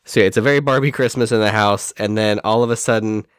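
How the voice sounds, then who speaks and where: A man's voice: fairly low pitch, fairly even intonation, fast, clear, resonant tone, dry recording, studio quality. A man co-hosting a podcast, making wry, jokey remarks in a casual chat about a film. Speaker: podcast co-host. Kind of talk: casual movie discussion.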